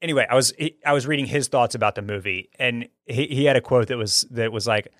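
A talkative man in casual conversation, eager and quick to jump between thoughts, often restarting his phrases. His voice sits at an ordinary middle pitch. The sound is close and dry, with no room around it. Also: a bit bright, no echo. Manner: enthusiastic, talkative, frequent restarts. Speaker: podcast host reviewing a film. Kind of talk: casual chat.

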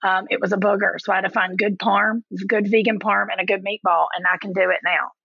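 A woman's voice: mid-range voice, fairly even intonation, fairly quick, vocal fry, breathy edge, dry recording, highs cut off, soft background music. A woman from Kentucky with a Southern accent, chatting animatedly as a podcast guest and calling people honey. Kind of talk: casual chat.

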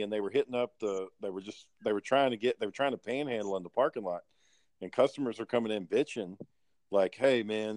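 A man telling work stories in casual chat, animated and profane, acting out the people in them. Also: on the low side, no echo.

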